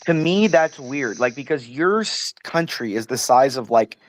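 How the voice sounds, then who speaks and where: A man's voice: mid-range voice, expressive, moderate pace, no echo. An American man from Southern California arguing in a casual group chat, pushy and calling others "dude" and "bro.". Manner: argumentative, says "dude" and "bro".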